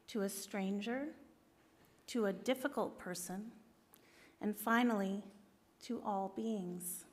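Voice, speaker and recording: A woman giving a reflection at a church service, reading a meditation in a calm, measured way. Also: on the high side. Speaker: lay speaker giving a reflection.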